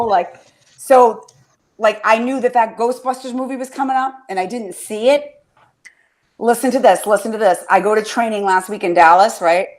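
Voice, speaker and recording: Woman podcast host, casual rambler, fairly high-pitched, curses often, wears her heart on her sleeve. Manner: chatty, swears freely, gets emotional telling stories. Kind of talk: casual chat.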